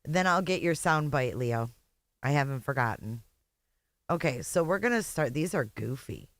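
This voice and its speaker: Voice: mid-range voice, animated, moderate pace, fairly bright tone, dry recording. A host reacting to clips with profane, sarcastic, laughing commentary.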